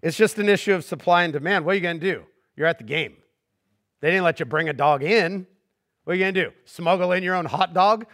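A middle-aged man preaching a conversational sermon as pastor, joking and swinging between hushed earnest points and animated asides. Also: sits high, fairly quick.

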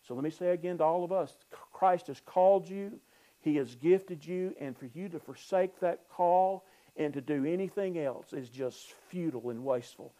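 A male pastor delivers an animated sermon with a mellow, warm tone set a little high for a man. He reads scripture aloud and breaks it down conversationally, jumping from loud emphatic bursts to low, quiet asides. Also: normal speed.

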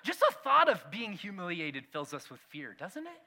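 A man preaching a sermon, telling a self-mocking personal story with animated swings between loud and hushed delivery. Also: high voice, unhurried. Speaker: pastor.

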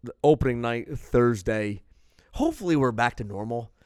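A man co-hosting a casual sports podcast, talking in an animated, excitable way and laughing often. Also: medium pitch, moderate pace, dry recording, studio quality. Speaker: podcast co-host.

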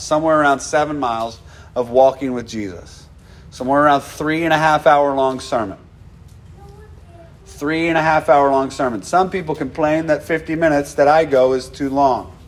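Animated man preaching a casual sermon. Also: fairly high pitch. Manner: animated, conversational, acts out quoted dialogue. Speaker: pastor.

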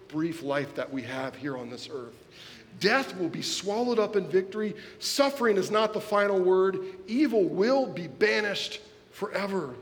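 A man in his thirties preaching a sermon, telling a personal story earnestly and swinging between loud and soft. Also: fairly high pitch. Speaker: pastor. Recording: long hall reverb.

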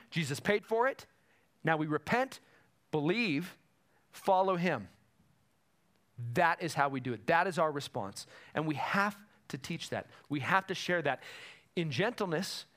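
Emphatic male preacher, slightly high voice. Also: a bit bright. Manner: emphatic preaching, repeats key phrases. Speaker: pastor. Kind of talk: sermon.

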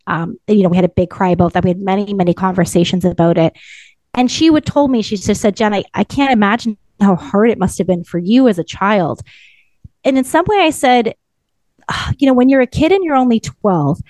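A woman's voice: mid-range voice, darkish tone, no echo. A woman, speaking in an earnest, emotional and reflective way. Her voice sits in a middle register, recorded close and dry. She talks in loose, heartfelt sentences full of "like" fillers. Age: 30s. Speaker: podcast co-host. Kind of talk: personal interview storytelling.

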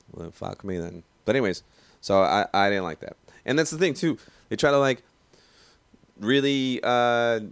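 A man's voice: fairly low pitch, no echo. A man ranting casually and profanely, rambling with lots of restarts and filler. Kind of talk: casual rant, movie review.

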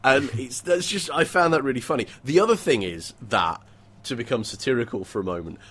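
A man co-hosting a casual book discussion podcast, talking in an animated, wry way. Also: mid-range voice, a little fast, slightly rough. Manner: animated, wry, breaks into mock voices and laughter. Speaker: podcast co-host discussing a novel.

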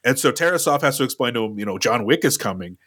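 A young man co-hosting a podcast, recapping a film in a wry, animated way. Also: mid-range voice, fast. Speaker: podcast co-host. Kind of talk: casual chat, recapping a film.

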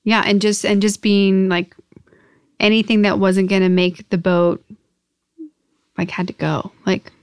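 A woman's voice: medium pitch, little pitch movement, measured pace, long pauses, clear, resonant tone, dry recording, clean studio sound. A young woman hosting a podcast, talking casually and chattily with lots of filler words. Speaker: podcast host and company owner. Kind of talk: casual chat.

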